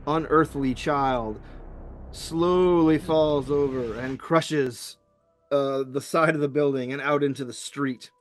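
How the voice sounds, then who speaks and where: A man narrating a tabletop game as game master, halting, with many fillers and restarts. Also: medium pitch, faint music behind.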